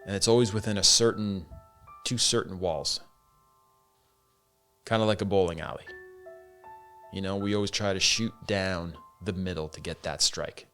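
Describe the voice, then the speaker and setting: A man with a lowish voice talks on his own, loose and candid, swearing now and then and calling the listener "man". Faint music plays under him. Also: normal speed, long pauses, bright, forceful tone. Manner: candid, swears freely, says "man" and "dude". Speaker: podcast host. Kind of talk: casual solo monologue.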